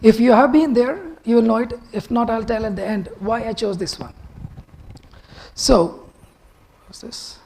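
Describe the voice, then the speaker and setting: Man, husky voice, unhurried conversational public talk. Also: very high voice, darkish tone, poor audio. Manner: unhurried, conversational, slightly halting. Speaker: TEDx speaker.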